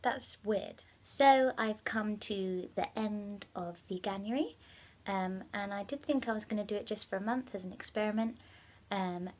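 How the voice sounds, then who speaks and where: A young woman talking casually in a personal vlog, chatty, with many ums and bursts of excitement. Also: mid-range voice. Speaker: vlogger.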